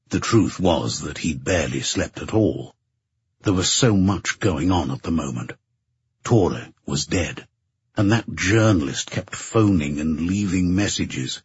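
Low, husky male audiobook narrator. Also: lively intonation, no room sound. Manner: slow, measured. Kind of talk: scripted narration. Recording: dull lo-fi recording.

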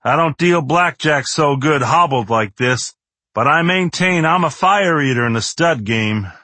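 A man voicing a cocky, brash male patient who talks in a slow drawling cowboy manner, out of the side of his mouth. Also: on the high side, lively intonation, sharp tone, no echo, voice pushed up, heavily acted. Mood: swaggering.

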